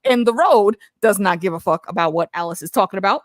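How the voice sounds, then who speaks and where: Animated woman hosting a chat. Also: medium pitch, fast, dry recording, studio quality. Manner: animated, laughs often, repeats words. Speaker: host. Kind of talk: casual show discussion.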